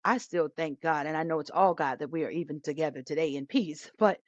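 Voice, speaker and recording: Woman co-host, emphatic and loud-natured storyteller; lowish pitch, muffled podcast audio. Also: brisk, no echo. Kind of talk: casual podcast chat. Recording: dull, lo-fi, dry sound.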